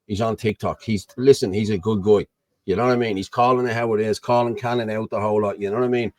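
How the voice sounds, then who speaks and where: A man's voice: fairly low pitch, fairly even intonation, fast, a little mellow, no echo. A man with an Irish accent hosting a casual chat over a video call, rambling and often asking "you know what I mean". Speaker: host.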